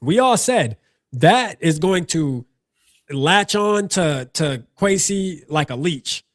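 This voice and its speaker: Animated man hosting a sports podcast. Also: a little high, no echo, studio quality. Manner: animated, quick to shout people out, repeats himself. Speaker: podcast host. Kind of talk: casual sports podcast chat.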